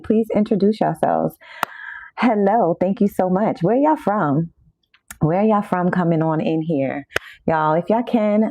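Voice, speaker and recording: A woman's voice: on the low side, mellow, dry recording. Chatty New woman on a livestream. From New York. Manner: chatty, greets viewers constantly, says y'all a lot. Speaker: tarot reader hosting a livestream. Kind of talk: casual livestream chat.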